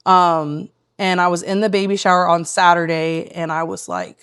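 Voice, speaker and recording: A woman's voice: lowish voice, lively intonation, moderate pace, a bit bright, clean tone. A woman guest telling a heartfelt personal story in casual conversation, earnest and rambling with lots of fillers. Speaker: guest, tea room owner.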